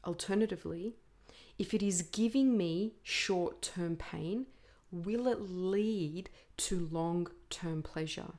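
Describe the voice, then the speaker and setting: Slow, earnest woman podcaster. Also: on the low side, darkish tone. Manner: slow, deliberate and earnest, with pauses between list items; puts on a playful imitation voice for a quoted speaker. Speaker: podcast host. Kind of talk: self-help talk.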